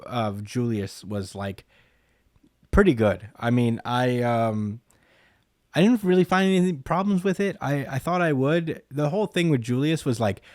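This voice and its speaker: A man's voice: mid-range voice, a little mellow, no room sound, clean studio sound. A young man co-hosting a podcast, casually recapping a story with lots of fillers. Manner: loose, filler-heavy storytelling. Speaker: podcast co-host. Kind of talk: casual chat, recapping a comic chapter.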